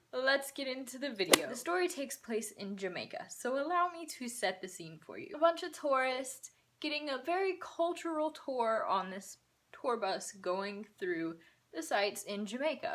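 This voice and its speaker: A young woman vlogger telling a storytime in a casual, animated, sarcastic way, a bit out of breath. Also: on the high side.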